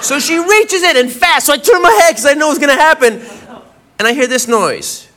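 A man doing stand-up comedy, telling a story in an animated way and acting out the voices in it. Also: extremely high pitch, fairly quick. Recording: live room with audience laughter and noise.

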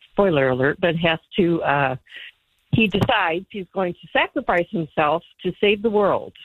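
A woman's voice: medium pitch, dry recording. An older woman, a grandmother, calling in to a radio show and telling an earnest story. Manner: earnest, gets choked up. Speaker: caller. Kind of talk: call-in radio testimony. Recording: phone line.

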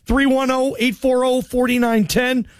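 A man hosting a call-in sports radio show, talking in a loose, energetic, chummy way with callers. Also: very high voice, unhurried, dry recording, clean studio sound.

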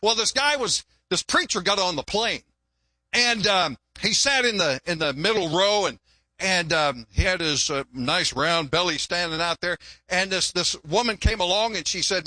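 A man's voice: high-pitched, moderate pace, sharp tone, dry recording. An older man, a longtime pastor, preaching a folksy, joking sermon and often repeating words.

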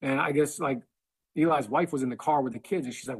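A man's voice: medium pitch, brisk, husky. A man casually telling a rambling story, full of likes and ums. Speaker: guest.

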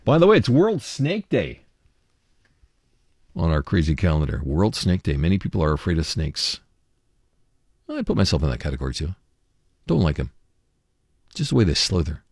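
A man's voice: a bass voice, fairly quick, vocal fry, long pauses, slightly rough, dry recording, studio quality. A man hosting a morning radio show in casual chat, talking with many fillers. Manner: chatty, lively, many fillers. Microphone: studio microphone.

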